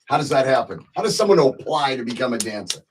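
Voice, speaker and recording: A man's voice: mid-range voice, sing-song, fast talker, slight background noise, poor audio. A man hosting a casual interview, asking rambling questions with fillers.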